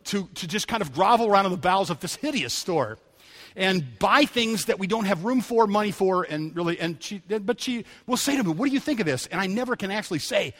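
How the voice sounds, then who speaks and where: A man's voice: high-pitched, expressive, brisk, fairly bright tone. A man preaching a sermon, telling stories in a conversational way and building to emphatic calls to the congregation. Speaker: pastor. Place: church sanctuary. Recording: church hall reverb.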